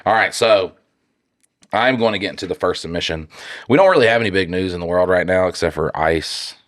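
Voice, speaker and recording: Man, stuffy nose, deep voice, sarcastic, reads letters aloud, casual podcast, close dry mic. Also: lively intonation, fairly quick, fairly bright tone, dry recording. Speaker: podcast co-host.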